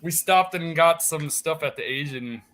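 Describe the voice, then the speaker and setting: A man's voice: fairly high pitch, moderate pace, noisy background. A man from Wisconsin, a regular co-host, chatting easily about his day. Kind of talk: casual chat.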